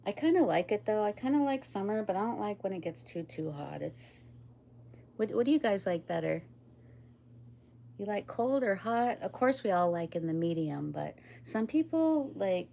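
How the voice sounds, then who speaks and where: A woman's voice: fairly low pitch, vocal fry, dark tone. A woman chatting casually on a live stream, rambling, laughing often and talking to her pets and viewers.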